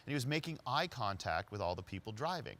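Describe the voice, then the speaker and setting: A man giving a storytelling talk as a leadership speaker, narrating conversationally and quickly. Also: lowish voice. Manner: conversational, quick narration with lively quoted voices.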